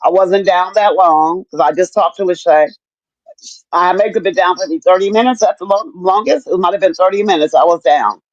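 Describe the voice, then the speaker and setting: A woman's voice: lowish voice, fairly quick, no echo, dull audio. Candid grandmother telling her story casually. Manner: candid, swears freely, repeats herself. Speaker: stroke survivor sharing her story. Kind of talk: casual chat.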